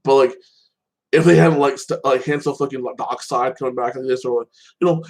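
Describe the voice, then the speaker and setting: A man's voice: medium pitch, fairly even intonation, fairly quick, vocal fry, low-quality recording. A man hosting a casual solo commentary show, rambling with many fillers and restarts. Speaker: channel host.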